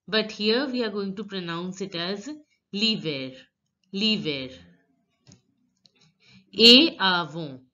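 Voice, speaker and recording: A woman teaching French pronunciation, reading words out slowly and explaining each sound step by step. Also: mid-range voice, fairly bright tone. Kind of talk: slow pronunciation lesson. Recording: dull lo-fi recording.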